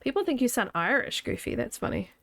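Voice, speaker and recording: A woman's voice: on the high side, sing-song, a little fast, vocal fry, fairly bright tone, no room sound. A New Zealand woman in her thirties, her accent carrying a faint Scottish edge, talks her way through a game stream from home. She is chatty and loose, laughing often and answering her chat as she plays. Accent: New Zealand with a slight Scottish tinge. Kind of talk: casual gaming commentary. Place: home room.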